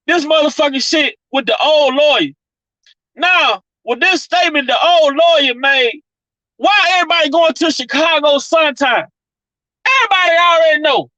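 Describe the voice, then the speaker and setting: Woman vlogger, high bright voice, dry close sound, profane and fired-up rant. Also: dry recording, dull audio. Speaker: commentary vlogger. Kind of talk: heated opinion rant.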